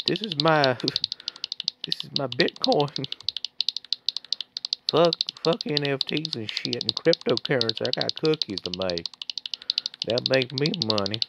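A woman's voice: extremely low pitch, a little slow. A woman casually rambling and swearing as she comments on a game she is playing, laughing often. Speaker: gaming channel host. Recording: loud background noise, clicking.

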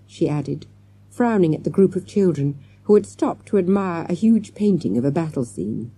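A woman narrating a children's audiobook with lively storytelling and many character voices. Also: low-pitched, normal speed, husky.

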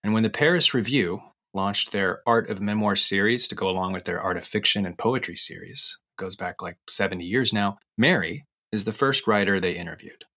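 Low-voiced man telling a confessional story. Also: bright, forceful tone. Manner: intimate, confessional storytelling, slows down on key phrases. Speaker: podcast host. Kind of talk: personal narration over music.

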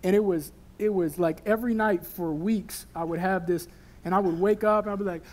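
A young man preaching a sermon at a church service, animated and emotional, later praying softly. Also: sits high, moderate pace. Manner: animated, emotional preaching that drops to a soft prayer. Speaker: pastor.

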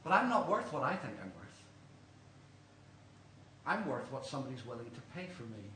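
A man's voice: mid-range voice, very animated, normal speed, sharp tone. An Irish man preaching a sermon in a church, earnest and questioning, telling stories to the congregation. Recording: roomy church, distant mic, faint hum.

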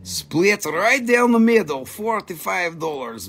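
A man with a fairly high, gravelly, husky voice hosts a live stream selling rocks and minerals. He talks at an unhurried pace, clowning around in mock broken English as he pitches each piece. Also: animated, a bit bright. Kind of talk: live sales stream patter.

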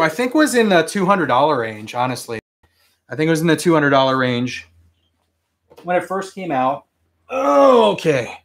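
A man hosting a toy collecting show, telling stories in a casual, chatty way, with animated reactions when he quotes himself. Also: fairly high pitch. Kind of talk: casual live-stream chat.

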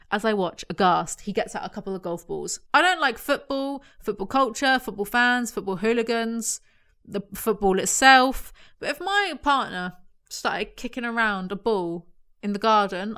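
A woman's voice: medium pitch, fairly bright tone. A young woman giving casual, sarcastic commentary as a book reviewer. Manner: blunt, sarcastic.

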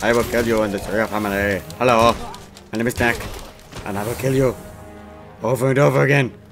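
A man voicing a boastful, menacing male creature from a video game, speaking loudly with theatrical, gloating threats. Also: mid-range voice, steady tone, brisk, over music, natural voice.

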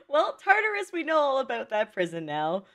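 A woman's voice: high-pitched, a bit bright. Emotional young woman reacting to anime. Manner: emotional, laughs and cries often, slangy. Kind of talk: casual chat reacting to a movie.

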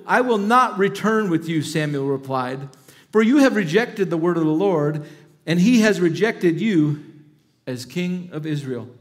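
A middle-aged male pastor preaching a sermon, reading scripture aloud with dramatic emphasis and breaking into casual asides. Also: high-pitched.

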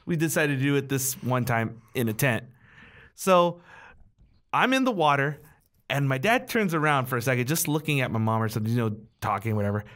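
A man co-hosting a casual podcast, telling a childhood story in a relaxed way and laughing along. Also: medium pitch, brisk. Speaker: podcast co-host.

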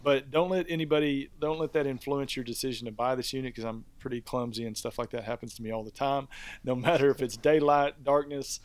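A man's voice: mid-range voice, fairly even intonation, a little fast, dry recording. A man co-hosting a review podcast, talking in an easygoing, rambling way with many fillers. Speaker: podcast co-host. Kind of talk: casual review chat.

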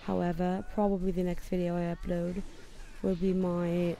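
A woman's voice: lowish voice, level tone, moderate pace, vocal fry, dark tone, slight background noise. A young woman from the United States, using a put-on London accent in rambling, self-deprecating gameplay commentary from her bedroom. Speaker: gamer.

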